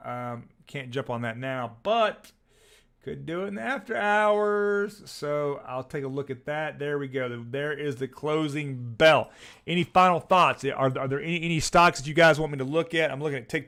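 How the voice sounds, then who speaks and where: A man hosts a live stock trading stream, his voice sitting a little high. He rambles, stumbles over repeated words and is losing his voice. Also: normal speed, a bit bright. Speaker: livestream stock trading host.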